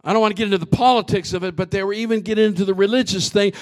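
A man preaching a sermon as pastor, swinging from shouted lines to hushed asides, often repeating and restarting his words. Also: high-pitched, steady tone, racing, hardly any pauses.

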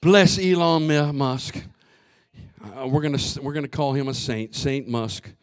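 A man preaching a sermon as pastor, swinging from shouted lines to hushed asides, often repeating and restarting his words. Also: mid-range voice, measured pace, clear, resonant tone.

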